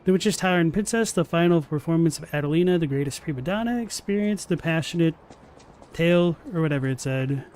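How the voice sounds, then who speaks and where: A young man chatting deadpan and rambling while he plays a game live on stream. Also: on the high side, fairly quick. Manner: rambling, filler-heavy. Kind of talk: casual live-stream chat while gaming. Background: faint game music.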